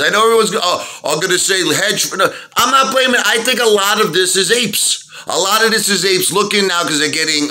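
A man vlogging about stocks in an excitable, rambling monologue, dropping "baby" asides. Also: high-pitched.

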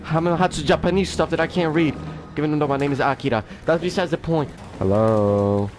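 A man playing a horror game, talking to it out loud, jumpy and quick to swear. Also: on the high side, music in the background. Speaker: gaming video host. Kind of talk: let's play horror game commentary.

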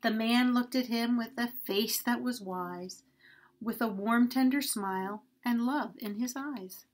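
A woman reading a rhyming story aloud to children at a church, expressive and sing-song. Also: fairly high pitch, a little slow.

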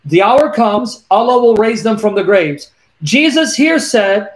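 Male call-in host, fairly high voice, insistent, drills each verse slowly. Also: expressive. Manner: emphatic, repeats references, reads verses slowly. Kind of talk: call-in debate on scripture.

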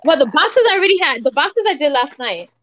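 A woman hosting a live craft stream, relaxed and easygoing, giving tips in casual chat. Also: high-pitched, fast talker. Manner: relaxed, easygoing, repeats herself.

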